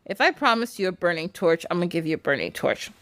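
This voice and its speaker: A woman's voice: on the low side, sing-song, quick pace, a bit bright, no room sound. Lady doing a blunt old witch who threatens to eat you, dry close sound. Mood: grand. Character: Baba Yaga, old female witch, threatening and suspicious.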